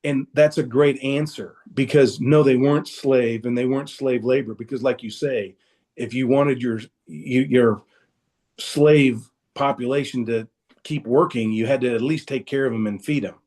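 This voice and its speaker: Guy rambling thru a story on a video call, lots of restarts, mid pitch. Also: steady tone, normal speed, a little mellow. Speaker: guest speaker. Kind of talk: casual storytelling.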